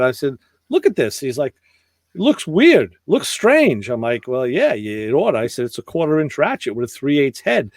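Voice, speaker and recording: A man's voice: mid-range voice, moderate pace, no echo, studio quality. A man hosting a podcast, telling stories in a casual chat and acting out the other people's lines. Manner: animated, acts out dialogue in voices. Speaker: podcast host.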